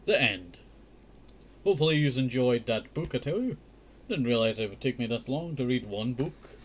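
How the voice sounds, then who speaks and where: A man's voice: medium pitch, lively intonation, normal speed, slight background noise. A man hosting a casual storybook reading, breaking off into chatty, joking asides. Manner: chatty, joking asides, says "I tell you" often. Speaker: host reading a children's book.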